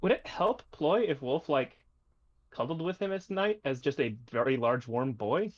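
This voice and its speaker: A man's voice: medium pitch, expressive, moderate pace. Easygoing male player, muffled mic. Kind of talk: casual tabletop chat on stream. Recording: dull, muffled online mic.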